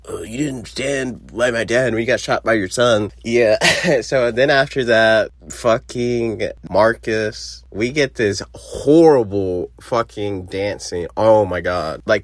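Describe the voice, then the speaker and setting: A man's voice: on the low side, dry recording, studio quality. A man hosting a podcast, giving a casual, profane, mocking movie review and acting out characters' lines. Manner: profane, mocking, acts out quotes in funny voices. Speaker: podcast host.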